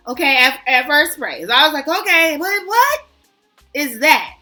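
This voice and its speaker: A woman fragrance vlogger chatting casually to her viewers, animated and self-mocking. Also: high voice, unhurried, faint music behind. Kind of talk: casual chat to camera.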